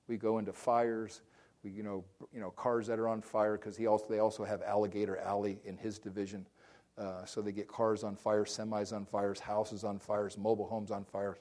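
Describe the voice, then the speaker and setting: A man's voice: on the low side, warm tone. A middle-aged male pastor preaching a sermon, telling stories with passion, often restarting and repeating words. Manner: impassioned storytelling with frequent restarts and repeated words.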